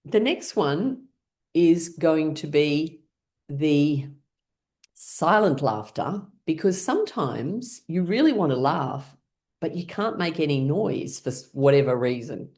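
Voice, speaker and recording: A woman leading a guided laughter exercise class over a video call, encouraging everyone and breaking into deliberate laughs. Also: sits low, expressive, darkish tone. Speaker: laughter yoga leader.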